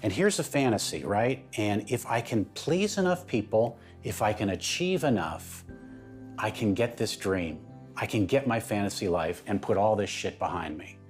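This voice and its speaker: Male guest, lowish voice, emphatic personal storytelling, soft music underneath. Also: big pitch swings, normal speed. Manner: emphatic, builds in intensity. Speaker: interview guest.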